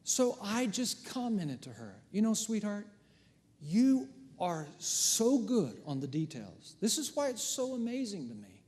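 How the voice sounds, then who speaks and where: A middle-aged man preaching a sermon as pastor, telling stories with big swings from hushed to loud. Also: sits high, big pitch swings, measured pace. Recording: long hall reverb.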